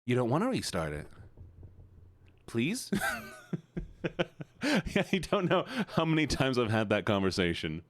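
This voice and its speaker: A man streaming live, chatting casually with his viewers and telling animated stories. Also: medium pitch, a little slow, long pauses. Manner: animated storyteller, talks to chat.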